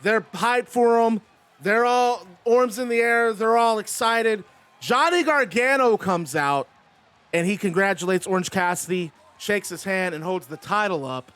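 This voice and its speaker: High-voiced guy rambling thru wrestling game commentary, gets loud and excited. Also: measured pace, smooth. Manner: chatty, rambling and excitable, swears. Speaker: host and commentator. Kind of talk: casual commentary on a video game match.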